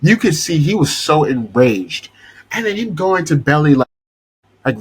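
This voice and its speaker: A man's voice: fairly high pitch, very animated, normal speed, breathy edge, poor audio. A young man hosting a podcast, ranting casually and exasperatedly about a TV show and swearing freely. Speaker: podcast host.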